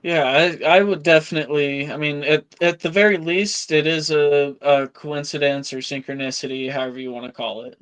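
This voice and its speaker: A man's voice: a little high, steady tone, a little fast, few pauses, fairly bright tone, clean tone. A man hosting an interview, asking brief questions that prompt his guest. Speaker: interviewer, host.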